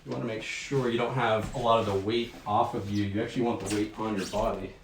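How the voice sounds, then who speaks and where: A man's voice: fairly low pitch, quick pace, slight background noise. A young man from the Northeast US hosting a casual unboxing livestream, rambling with lots of ums and a little out of breath. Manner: relaxed, rambling with many ums. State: sweaty and slightly out of breath. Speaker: livestream host. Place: bedroom at home. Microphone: camera mic across the room. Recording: echoey room, far from the mic.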